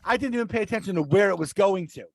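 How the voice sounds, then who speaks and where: A man's voice: sits high, expressive, rapid-fire, gravelly, no room sound. A man casually telling rambling stories on a podcast, often restarting his sentences. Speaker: podcast regular, rideshare driver. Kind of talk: casual storytelling.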